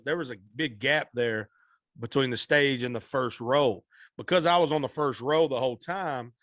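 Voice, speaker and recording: A man's voice: mid-range voice, no room sound, clean studio sound. A man, a singer guest on a podcast, telling a story animatedly and acting out the people in it. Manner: animated, acts out quoted voices.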